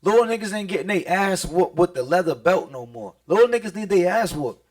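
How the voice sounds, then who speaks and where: Male podcast guest, higher-pitched, loose and profane, laughs through his stories. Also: expressive, fairly quick. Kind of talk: casual smoke-session chat.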